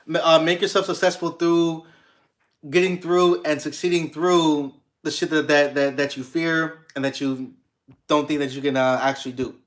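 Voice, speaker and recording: Slightly high and a little bright, this young American's voice carries a relaxed livestream where he reads comments and rambles with viewers. He restarts often, uses lots of fillers and swears casually.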